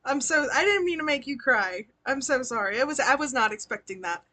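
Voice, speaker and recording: A woman's voice: high voice, animated, a little fast, bright, forceful tone. A woman giving tarot readings on a live stream, chatty and slangy, laughing often as she talks to her sitters. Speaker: tarot reader and spiritual healer.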